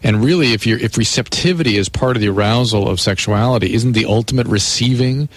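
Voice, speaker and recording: A man co-hosting a radio advice show, measured and explanatory, using clinical terms. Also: mid-range voice, no room sound. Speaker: radio co-host. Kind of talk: call-in advice talk.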